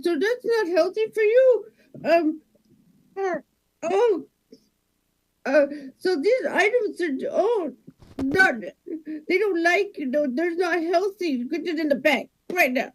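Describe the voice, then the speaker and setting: A woman's voice: extremely high pitch, lively intonation, slow pace, long pauses, exaggerated voice, poor audio. A woman performing as a chatty grocery store cashier, rambling with many ohs and ums. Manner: rambling, lots of ohs and fillers. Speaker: improv performer. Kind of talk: live improv monologue.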